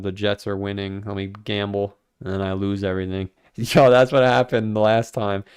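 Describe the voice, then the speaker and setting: Smooth-voiced man rambling on a livestream. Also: lowish voice. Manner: rambling, animated, self-mocking, swears freely. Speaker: crypto livestream host. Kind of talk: casual livestream commentary.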